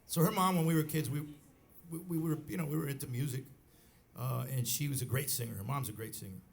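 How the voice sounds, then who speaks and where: A middle-aged bandleader telling a rambling story on stage at a live club, with many restarts and acted quotes. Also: male voice, mid-range voice, quick pace, gravelly. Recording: live club recording with faint crowd noise.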